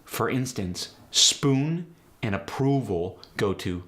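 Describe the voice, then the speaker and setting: A man hosting a tutorial as an accent coach, explaining sounds in a brisk, direct way. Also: medium pitch, animated, a bit bright. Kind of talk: instructional tutorial.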